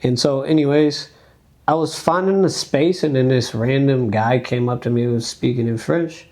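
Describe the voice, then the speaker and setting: A young American man speaks as a dancer guest in a podcast conversation, his voice gravelly with a mid-range pitch. He tells his story in a loose, animated way and acts out other people's lines. He leans on frequent fillers. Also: moderate pace. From United States.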